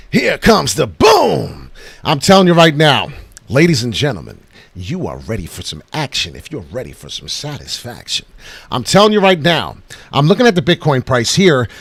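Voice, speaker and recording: A man's voice: mid-range voice, no room sound. A man hosting a casual livestream about crypto markets, boisterous and hyped, swearing freely and breaking into chants.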